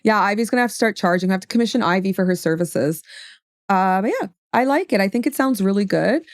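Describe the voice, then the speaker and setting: A woman's voice: medium pitch, lively intonation, fast, no room sound. Young female streamer, mid-range voice, chatty and rambling, dry studio mic. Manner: chatty, rambling, swears casually. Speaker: livestream host. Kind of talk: casual stream chat. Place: home streaming setup. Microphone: studio XLR microphone.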